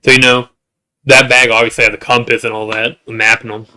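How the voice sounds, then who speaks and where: Bright-voiced rambling man reviewer. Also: little pitch movement, brisk. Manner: rambling, jokey, with asides and restarts; works up into high-pitched exasperation. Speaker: show reviewer. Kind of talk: casual comedic recap.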